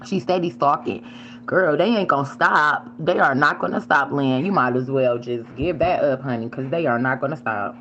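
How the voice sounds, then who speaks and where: A woman casually telling a story while she eats on camera, animated and swearing freely, sometimes shrieking the words she yelled. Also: a bass voice, normal speed, dull audio, slight background noise. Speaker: vlogger.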